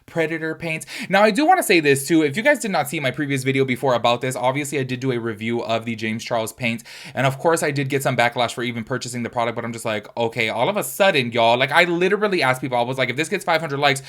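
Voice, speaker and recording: A young man rambling casually to his viewers in a vlog, expressive and chatty, calling them y'all. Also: mid-range voice, fast talker. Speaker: beauty YouTuber.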